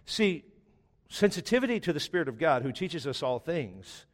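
A man's voice: a little high, sing-song, moderate pace. A man in his forties preaching a sermon as pastor, telling stories with joking asides. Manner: conversational storytelling with joking asides. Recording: long reverb of a large hall.

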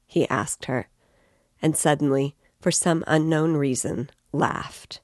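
A woman reading a novel aloud in a measured, even way, as the show's guide, on a close mic. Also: low voice, no echo. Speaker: reader and guide.

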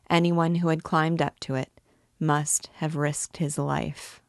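A woman with a low voice reads a classic novel aloud, taking her time over every phrase. Her delivery is measured and even, recorded dry and close to the mic with no room sound. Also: no echo. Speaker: reader and guide of a book series. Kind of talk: literary read-aloud narration.

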